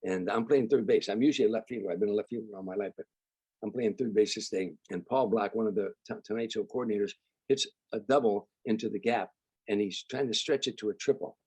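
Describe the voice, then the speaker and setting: An older man from Chicago, a comedian guest, telling stories in an animated way and acting out the people he quotes. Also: lowish voice, fast talker, slightly rough, no echo. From Chicago, United States. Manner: animated storyteller, acts out quoted voices. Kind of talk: storytelling interview.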